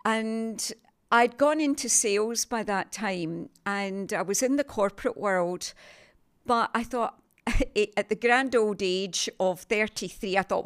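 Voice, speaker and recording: An older woman from England chatting as an interview guest, telling her story in a lively, self-mocking way and laughing often. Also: mid-range voice, takes it slowly. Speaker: guest, TV sales presenter. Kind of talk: casual interview chat.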